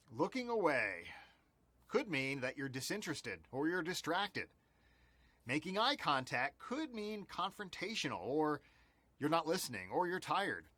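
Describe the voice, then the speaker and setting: A man's voice: a little high, fairly bright tone, no room sound. A man giving a scripted training lesson as instructor, with an explanatory, emphatic delivery.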